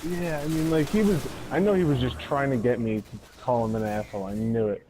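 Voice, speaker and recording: A man's voice: mid-range voice, brisk, background noise. A man chatting casually with teammates in an online game, telling stories loosely and laughing often. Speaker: co-op player. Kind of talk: casual gaming chat.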